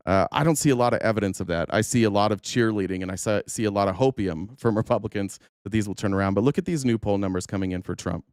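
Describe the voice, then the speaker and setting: A man's voice: fairly low pitch, darkish tone, clear, resonant tone, dry recording, studio quality. A man streaming political commentary on YouTube, sarcastic and heated, rambling and swearing as he argues with his chat. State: openly angry. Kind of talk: casual live-stream commentary.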